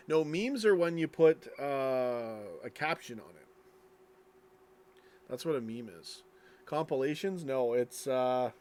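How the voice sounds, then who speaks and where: A man's voice: medium pitch, darkish tone. A tired man streaming late at night, reading chat and rambling casually, yawning as he talks. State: sleepy, yawning.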